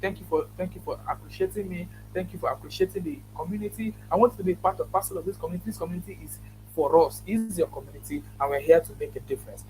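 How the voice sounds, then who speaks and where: A man's voice: high voice, fast talker, noisy background. A Nigerian man hosting an online conference, giving earnest closing remarks and thanking people, with many restarts. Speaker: conference host.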